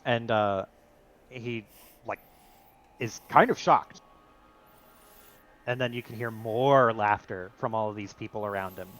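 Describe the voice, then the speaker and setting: A man's voice: fairly low pitch, unhurried, long pauses, fairly bright tone. A man narrating a tabletop role-playing game as game master, in a casual style full of fillers.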